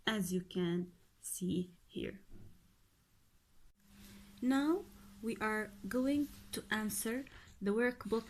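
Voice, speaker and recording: Slow, lively-voiced woman teaching grammar. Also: medium pitch, slight background noise. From Oman. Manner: slow, explaining step by step, questions to students. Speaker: English teacher. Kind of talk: recorded grammar lesson.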